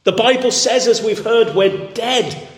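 A man's voice: high voice, unhurried. A man preaching a sermon with an emphatic, repetitive cadence. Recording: echoey hall.

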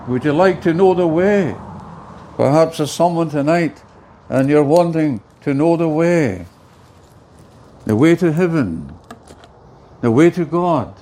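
High-voiced earnest male preacher. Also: mellow. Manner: earnest, emphatic, repeats key phrases. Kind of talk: evangelistic sermon.

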